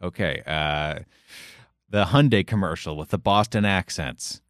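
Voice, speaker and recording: A man's voice: sits low, measured pace, fairly bright tone, dry recording. A man hosting a casual chat and asking questions in a dry, teasing way. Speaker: podcast host.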